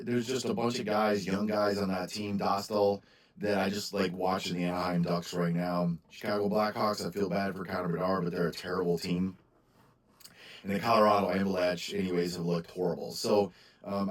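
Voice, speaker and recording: A man with a low, deep voice talks to his viewers in a loose, rambling way, stopping and restarting his sentences. He sounds worn out after a long day, yawning between thoughts. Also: low-quality recording. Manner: rambling, frequent ums and restarts, candid. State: tired, yawning. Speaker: sports card seller and channel host. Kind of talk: casual monologue to camera.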